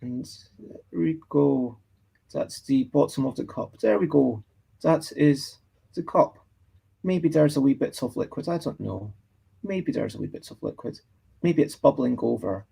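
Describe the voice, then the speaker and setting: A Scottish man talks unhurriedly as he sketches for his livestream viewers, thinking aloud and answering chat comments along the way. His voice is gravelly and a little husky, with a warm, dark tone. He meanders gently from one idea to the next. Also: medium pitch, animated, a little slow. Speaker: livestreaming artist. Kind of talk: casual chat while drawing.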